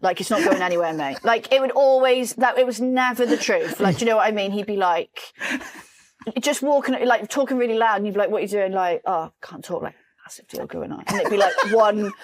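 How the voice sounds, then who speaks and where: Woman, podcast host, casual storytelling, lively, mid-pitched. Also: a little fast. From Wales. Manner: lively, swearing, full of fillers.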